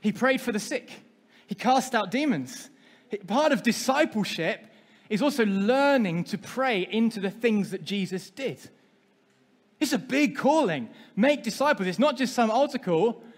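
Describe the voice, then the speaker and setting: High-voiced pastor in a hall. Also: male voice, expressive, unhurried. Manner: interactive, asks the congregation questions. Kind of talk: sermon. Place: church hall. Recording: long hall reverb.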